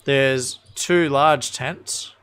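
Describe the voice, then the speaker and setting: A man running a livestreamed tabletop game as game master, who reads lore aloud and answers players' questions in a relaxed way. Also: medium pitch, extremely slow, smooth.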